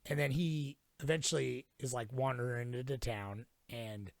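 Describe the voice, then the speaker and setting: Gravelly young man recapping a film. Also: medium pitch, dry recording, clean studio sound. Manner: profane, rambling retelling with quick put-on character voices. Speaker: podcast co-host. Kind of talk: casual film recap chat.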